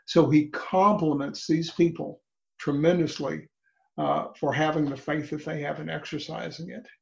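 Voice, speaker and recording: A man's voice: fairly high pitch, steady tone, normal speed, vocal fry, darkish tone, muffled recording, slight background noise. A man in a Bible study group, earnestly explaining a Gospel passage with frequent restarts.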